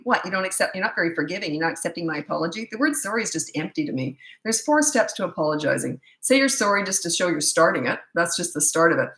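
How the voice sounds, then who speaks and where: A middle-aged woman coaching parents in a live question-and-answer chat, blunt and matter-of-fact, with quick asides. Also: lowish voice, lively intonation, a bit bright, echoey room, low-quality recording.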